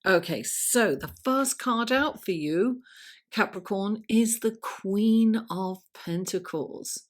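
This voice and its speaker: Taking her time over every phrase, a tarot reader with a medium-pitched voice gives a chatty, relaxed weekly horoscope. Her voice drops to a gentle murmur whenever she calls on the cards.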